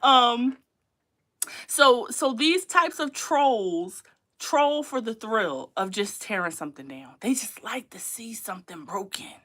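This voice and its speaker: Bright-voiced chatty woman livestreaming. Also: fairly high pitch, expressive, slow pace. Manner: chatty, emphatic, repeats herself, laughs often. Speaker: livestream host. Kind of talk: casual livestream talk.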